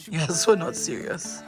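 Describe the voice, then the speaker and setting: A Nigerian woman with a slightly low voice speaks slowly and teasingly to a baby in a bedroom, mock-stern and repeating the same few words. Loud background music plays underneath her. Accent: Nigerian English. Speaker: vlogger, mother. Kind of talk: playful scolding of a baby. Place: bedroom at home.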